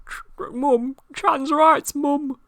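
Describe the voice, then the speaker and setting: A woman's voice: high voice, steady tone, very slow, fairly bright tone, voice pushed up, exaggerated voice. A woman voicing a whiny young man in an odd put-on accent, pleading with his mum. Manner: wailing, pleading, repetitive.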